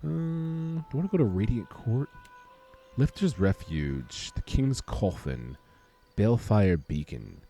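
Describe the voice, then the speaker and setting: A man's voice: on the low side, big pitch swings, unhurried, creaky, mellow, faint music behind. A young man casually commenting while playing a game, rambling and joking through a long story. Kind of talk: casual let's-play commentary.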